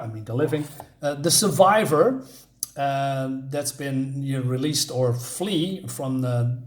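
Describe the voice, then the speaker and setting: Male comic reviewer, eager and rambling, voice on the higher side, echoey room. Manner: enthusiastic, rambling with many restarts. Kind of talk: casual review vlog.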